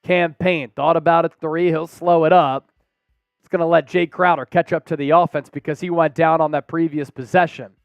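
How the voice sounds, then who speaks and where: Young male stream host, high voice, dry close sound, hyped play-by-play over faint music. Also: moderate pace, vocal fry, clear, resonant tone, no echo, muffled recording. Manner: energetic, breaks into excited shouts and chants. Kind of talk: live play-by-play and chat shout-outs.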